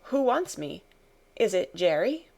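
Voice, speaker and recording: A woman's voice: mid-range voice, very animated, normal speed, close to an everyday voice. A woman voicing a mild, genteel male passenger whose speech quavers slightly. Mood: nervous.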